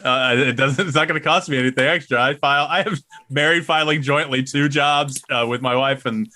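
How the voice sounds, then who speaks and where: A man's voice: mid-range voice, a little fast, dry recording. A man co-hosting a podcast, telling a story in a casual, swearing rant. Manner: swearing, animated ranting storyteller. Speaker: podcast co-host. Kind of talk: casual chat.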